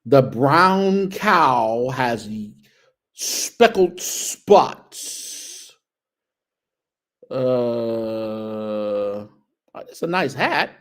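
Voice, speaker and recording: A man's voice: mid-range voice, lively intonation, very slow, fairly bright tone, smooth. A male show host giving casual, teasing commentary on outfits, sprinkling in churchy phrases. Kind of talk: casual fashion commentary on a video.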